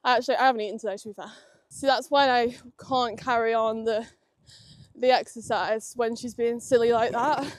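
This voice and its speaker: A woman's voice: fairly high pitch, dry recording. A young woman giving casual commentary while she rides, chatty and full of praise for her horse. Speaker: equestrian vlogger. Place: outdoor riding arena at a stable yard.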